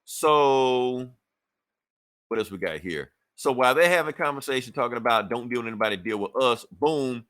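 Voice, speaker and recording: A man's voice: mid-range voice, lively intonation, normal speed, a bit bright, no echo. A man casually recapping a comic book on a podcast, acting out the characters' lines and swearing freely. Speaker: podcast co-host reviewing comics.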